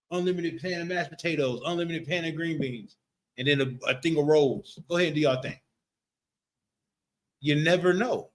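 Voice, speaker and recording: A man's voice: a little high, fairly bright tone. A man leading a casual religious class discussion, talking loosely and often checking in with his listeners. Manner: loose, repetitive, keeps asking "you know what I'm talking about".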